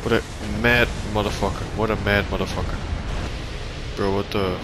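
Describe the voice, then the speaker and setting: A young man hosting a gaming video, swearing constantly and yelling at the game as he plays. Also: lowish voice, steady tone, moderate pace, over music. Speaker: gaming channel host. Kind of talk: raging live gameplay commentary. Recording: noisy home recording.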